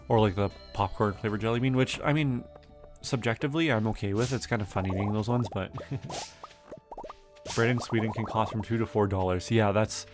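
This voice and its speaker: A young Canadian man streams a farming game, chatting casually with viewers as he reads and answers chat. He speaks at a fairly low pitch and uses lots of fillers.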